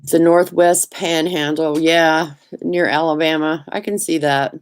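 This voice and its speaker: A middle-aged woman with a Southern US accent hosting a casual live chat, talkative and quick to laugh, greeting viewers by name. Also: low voice, level tone, clean tone. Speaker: livestream host.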